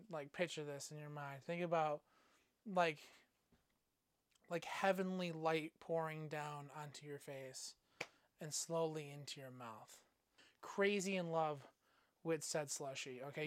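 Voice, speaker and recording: A man spinning a rambling, self-mocking comic tale. His voice is smooth and clear, and the sound is dry and close, with no room around it. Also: high voice, fairly bright tone, dry recording. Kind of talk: comic storytelling.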